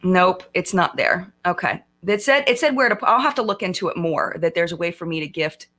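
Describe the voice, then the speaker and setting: A woman hosting a casual live-stream chat, talking in a chatty, excitable way with frequent fillers and laughter. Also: lowish voice, fairly quick.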